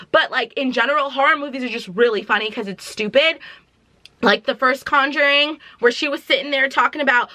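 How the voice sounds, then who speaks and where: Young woman vlogger, slightly high voice, animated and slangy, dramatic storyteller. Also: fairly quick, dry recording. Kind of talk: casual movie review vlog.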